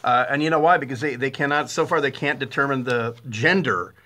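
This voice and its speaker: A middle-aged man hosting a talk radio show, with a blunt, sarcastic and animated way of talking, full of fillers and restarts. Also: medium pitch, fairly quick, slight background noise. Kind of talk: opinionated talk radio monologue.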